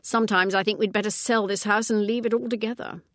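A woman reads an audiobook part as an anxious older spinster sister, speaking in fretful sentences that trail off. Her natural voice sits at medium pitch, but she pitches it higher for the role, talking fast with a steady, fairly bright tone. The studio recording is clean, with no room sound.

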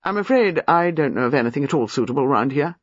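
A man reading aloud, voicing a cold, authoritative older woman with a flat, expressionless manner. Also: fairly high pitch, fast, dry recording, highs cut off.

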